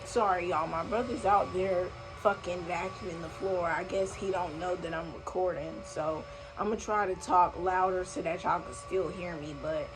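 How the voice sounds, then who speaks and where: A young woman with a fairly low voice tells a storytime on camera at home, animated and slangy, cursing freely as she goes. A faint hum of household noise sits under her voice. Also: normal speed. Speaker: vlogger. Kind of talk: casual storytime vlog. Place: home room, vacuum running nearby.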